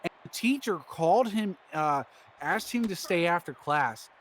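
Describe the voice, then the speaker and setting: A man's voice: high voice, measured pace, slight background noise. A man co-hosting a game stream, telling a rambling, laughing story and acting out the quotes. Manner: laughing, animated, acts out quotes.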